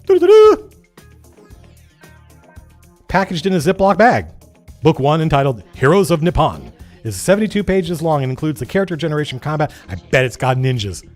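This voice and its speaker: A man hosting a casual livestream, reading old game zines aloud and breaking off into rambling, animated comments. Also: fairly high pitch, fairly quick, soft background music. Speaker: livestream host.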